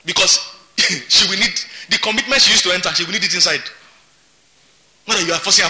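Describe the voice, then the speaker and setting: A man's voice: sits high, quick pace, sharp tone. A man preaching a sermon as pastor, emphatic and repeating his words. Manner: emphatic, repeats words, laughs between points.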